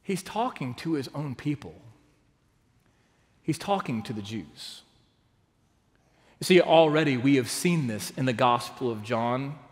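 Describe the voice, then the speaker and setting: A man from Texas preaching a sermon as pastor, earnest and full of rhetorical questions, rising to loud emphatic peaks and dropping to hushed asides. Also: fairly high pitch. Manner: asks the congregation rhetorical questions. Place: large church sanctuary. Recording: long reverb of a big sanctuary.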